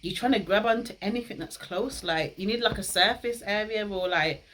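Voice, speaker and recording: A woman's voice: mid-range voice, moderate pace, a bit bright, slight background noise, low-quality recording. A young woman, hosting a casual talk. She is chatty, laughs often and uses slang. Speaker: host.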